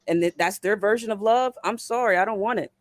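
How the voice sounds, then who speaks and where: Brief: fairly high-voiced man, emphatic panel guest, dry close recording. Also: fast talker, dry recording. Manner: emphatic, repeats words when heated. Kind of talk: casual chat.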